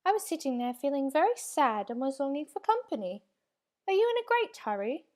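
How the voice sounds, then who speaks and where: A woman voicing a timid, tiny lost forest creature, male, in a storybook reading, high and anxious. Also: sing-song, fairly quick, darkish tone. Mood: eager.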